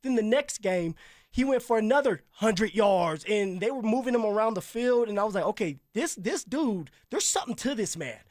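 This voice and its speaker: A man who co-hosts a sports radio show, a former pro football player telling animated stories in casual talk. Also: high voice, normal speed, dry recording, clean studio sound. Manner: animated, laughing storyteller. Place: radio studio.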